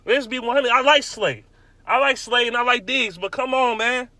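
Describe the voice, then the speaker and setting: A man's voice: very high voice, normal speed, sharp tone, dry recording. A young man ranting angrily and bluntly as a sports fan, swearing and repeating himself for emphasis. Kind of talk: heated profane rant.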